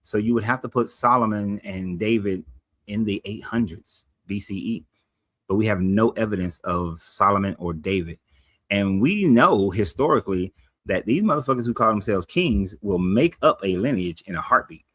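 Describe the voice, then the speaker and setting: A man's voice: lowish voice, moderate pace, fairly bright tone, no echo. A man hosting a casual livestream, talking bluntly in a rambling way and often correcting himself. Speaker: livestream host.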